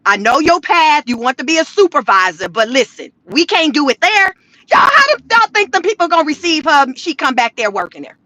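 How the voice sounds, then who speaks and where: A woman's voice: high-pitched, sing-song, fairly quick, sharp tone, no room sound, low-quality recording. A woman giving casual, slangy commentary on the news, talking straight to her viewers and telling the story with animation. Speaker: commentary vlogger.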